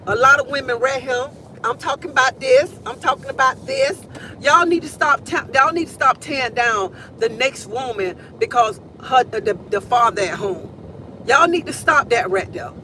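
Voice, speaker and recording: A woman in her forties live-streaming from her car, talking straight into her phone. Her voice is bright and forceful, and she hammers her points home by saying them again and again. A faint hiss of traffic runs underneath. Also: a little high, rough recording. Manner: emphatic, repeats phrases for stress. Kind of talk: casual morning live-stream rant.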